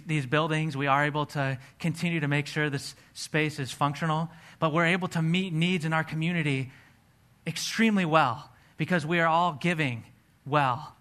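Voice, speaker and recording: A man's voice: fairly high pitch, a bit bright. A man preaching a sermon, telling a personal testimony in an earnest storytelling way. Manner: earnest storytelling, acts out his own past dialogue.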